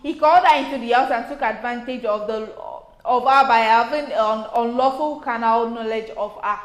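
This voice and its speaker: A Nigerian woman with a Nigerian accent co-hosting a news review, reading headlines evenly and chatting. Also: a little high. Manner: reads headlines evenly, chats with quick laughs. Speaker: news review co-host and reader. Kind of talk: news reading and casual commentary. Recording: echoey room.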